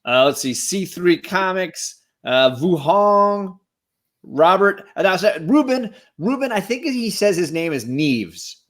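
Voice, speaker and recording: A man on a casual live stream, giving enthusiastic shout-outs to the chat as a guest co-host. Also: high-pitched, very animated, takes it slowly.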